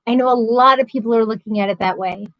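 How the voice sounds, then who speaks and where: Chatty, high-voiced woman hosting a livestream. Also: fast talker, dry recording, lo-fi sound. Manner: chatty, reads out viewer comments, laughs easily. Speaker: livestream host. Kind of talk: casual livestream chat.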